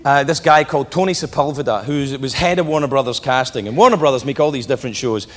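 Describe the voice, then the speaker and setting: A man's voice: mid-range voice, fast, a bit bright. A brash, profane, self-mocking man from Britain doing a stand-up routine on a comedy club stage over a laughing crowd.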